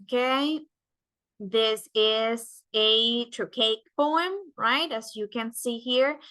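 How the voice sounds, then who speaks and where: A woman who is a native Spanish speaker gives a classroom lecture, explaining things step by step and frequently asking "right?" to check understanding. Her voice is fairly high, fairly bright and smooth, and she speaks slowly.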